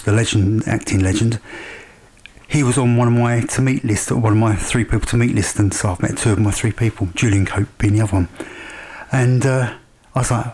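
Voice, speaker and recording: A man's voice: on the low side, darkish tone, slightly rough. Chatty man telling a story. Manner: chatty, enthusiastic, rambling with fillers. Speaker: vlogger. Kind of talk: casual storytelling.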